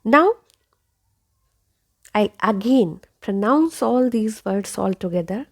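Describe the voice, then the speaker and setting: A woman's voice: medium pitch, lively intonation, slow pace. A woman teaching English pronunciation, repeating each word several times and checking in with 'okay?'. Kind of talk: slow pronunciation lesson.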